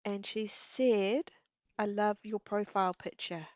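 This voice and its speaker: Unhurried New Zealand woman chatting live. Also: mid-range voice, fairly even intonation, a little mellow, no echo, muffled recording. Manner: chatty, giggly, talks to viewers. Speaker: craft livestream host. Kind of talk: casual live-stream chat. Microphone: earpiece and mic at desk.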